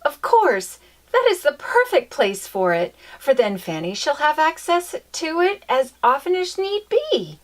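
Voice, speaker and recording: A woman's voice: high-pitched, big pitch swings, measured pace, voice pushed up. A woman doing an emphatic Victorian mother. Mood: delighted. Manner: emphatic, exclamatory. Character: proper Victorian mother, vexed then eager.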